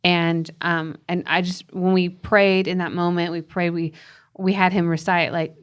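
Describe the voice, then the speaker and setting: A woman co-hosting a parenting podcast, earnestly telling a family story in casual chat, with quick restarts and soft laughs. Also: fairly low pitch, flat delivery, clean tone. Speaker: podcast co-host and parenting author.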